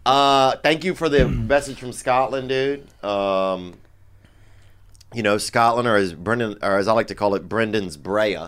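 A man's voice: on the low side, unhurried, a bit bright. A man co-hosting a comedy podcast, joking around in loose casual banter and saying dude and bro a lot. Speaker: podcast co-host.

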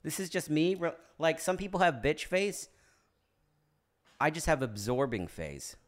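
A man in his thirties, a podcast guest and actor, chatting casually and animatedly and laughing often. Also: unhurried. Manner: animated, jumps into high-pitched silly impression voices, laughs often. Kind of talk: casual chat.

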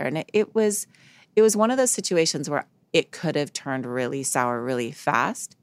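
A woman's voice: low voice, normal speed, dry recording. A woman psychologist, a guest in a podcast interview, telling stories earnestly and acting out the quoted dialogue.

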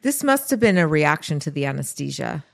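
A woman co-hosting a podcast, her voice sitting a little low. She chats casually and answers with short, supportive remarks. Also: sing-song, brisk, gravelly. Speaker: podcast co-host. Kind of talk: casual chat.

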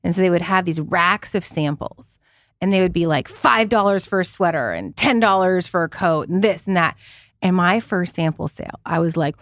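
A Canadian woman in her forties co-hosting a podcast, chatting casually and telling animated stories, swearing freely and laughing as she talks. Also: lowish voice, normal speed, no room sound, studio quality. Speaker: podcast co-host. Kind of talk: casual chat.

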